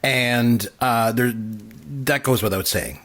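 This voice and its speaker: A man's voice: medium pitch, takes it slowly, gravelly, fairly bright tone, faint music behind. A man hosting a podcast, speaking in an earnest, reassuring way. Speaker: podcast host. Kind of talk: casual podcast chat.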